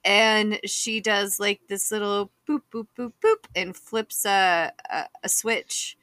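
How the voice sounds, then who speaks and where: A woman running a tabletop game who laughs often and fills her narration with "like" and "um". She speaks slowly in a bright, forceful voice. It is recorded close, with a dry sound. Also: mid-range voice, steady tone, dry recording. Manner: giggly, filler-heavy narration. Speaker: game master.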